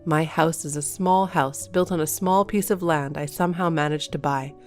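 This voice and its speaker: A woman's voice: deep voice, steady tone, moderate pace, faint music behind, close to an everyday voice. A woman voicing a spiteful, envious neighbor who speaks bitterly and resentfully.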